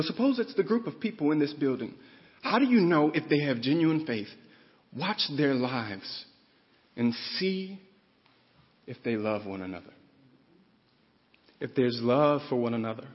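A man preaching a sermon in a church, building up to fervent emphasis as he teaches from scripture. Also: mid-range voice. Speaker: pastor. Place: church sanctuary. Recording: dull sound with long reverb.

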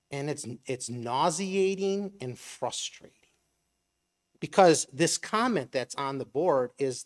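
A middle-aged man giving a conversational sermon, asking rhetorical questions and briefly acting out imagined voices. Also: on the high side. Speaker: preacher.

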